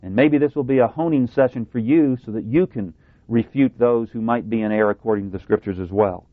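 A man's voice: medium pitch, no room sound. Tinny recorded male preacher. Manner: deliberate, emphatic, sometimes sarcastic. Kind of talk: sermon. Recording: tinny phone-like dry sound.

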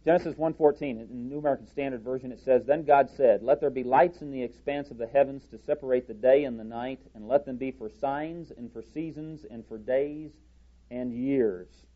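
A man preaching a sermon from a church podium, deliberate and halting, with frequent restarts. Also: mid-range voice, highs cut off.

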